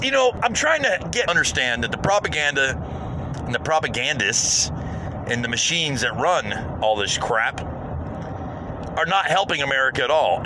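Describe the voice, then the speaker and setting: A man's voice: fairly high pitch, background noise. A man with a Southern twang, ranting profanely in a rambling political vlog while driving. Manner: profane, rambling, repeats words. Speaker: vlogger. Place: in a car on the road.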